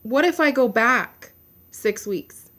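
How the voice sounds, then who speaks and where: A woman's voice: on the high side, lively intonation, takes it slowly, a bit bright. A woman giving a personal video update, venting in a frustrated, blunt rant with some swearing. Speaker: vlogger.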